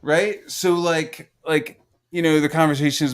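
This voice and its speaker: A man in his forties with a voice on the high side, smooth and moderately paced, hosts a podcast. He tells a sprawling, profane story in casual chat, saying "like" constantly and acting out others' quotes.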